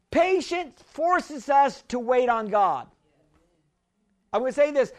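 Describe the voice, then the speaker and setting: A woman preaching a sermon, emphatic, repeating key phrases and stumbling into restarts, slowing right down to stress a point. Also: high-pitched. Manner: slows down hard to stress lines.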